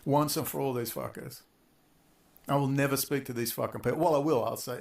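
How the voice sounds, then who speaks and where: Man, mid-pitched and gravelly, delivering a rambling furious rant full of swearing. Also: steady tone, fairly quick. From Australia. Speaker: online video maker. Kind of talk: profane angry rant.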